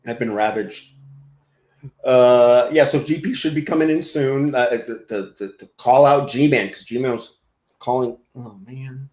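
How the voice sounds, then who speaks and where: A man's voice: medium pitch, steady tone, measured pace, darkish tone. Rambling, laughing man in an echoey room. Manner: rambling, laughing, reacting to chat. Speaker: livestream host. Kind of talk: casual livestream chat.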